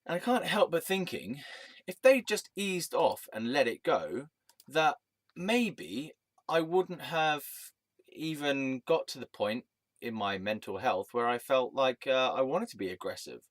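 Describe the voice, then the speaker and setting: A man's voice: medium pitch, animated, a little slow, no room sound. A man telling a personal story in a rambling, angry rant, swearing and restarting his sentences. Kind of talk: casual storytelling monologue.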